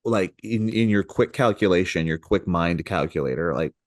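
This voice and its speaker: A man with a fairly low voice co-hosting a podcast in easy, casual chat. He is relaxed and drops quick jokes and asides while his co-host talks. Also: no room sound, studio quality.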